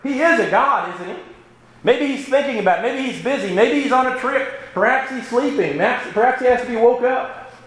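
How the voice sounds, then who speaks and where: A preacher doing the prophet Elijah, taunting and high. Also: male voice, animated, fast, roomy sound, rough recording. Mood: mocking. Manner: sarcastic, taunting. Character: old male prophet, bold and mocking.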